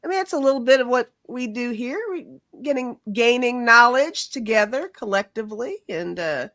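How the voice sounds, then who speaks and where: A woman's voice: on the high side, animated, normal speed, fairly bright tone, no echo. A woman hosting a tarot livestream, talking in a laid-back, chatty way as she explains the cards she has drawn. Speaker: tarot reader and livestream host. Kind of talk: casual livestream chat and card reading.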